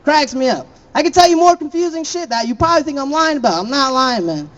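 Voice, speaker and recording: A man's voice: very high-pitched, expressive, fast talker, a bit bright, highs cut off. A young man from Florida doing a stand-up set, laughing at his own jokes and throwing chatty asides to the crowd. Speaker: stand-up comedian.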